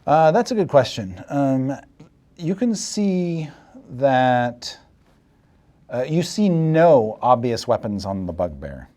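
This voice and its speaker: Man, dungeon master, casual narration, chuckles, fillers, mid-pitched voice. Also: big pitch swings, slow, warm tone. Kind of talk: narrating a tabletop game.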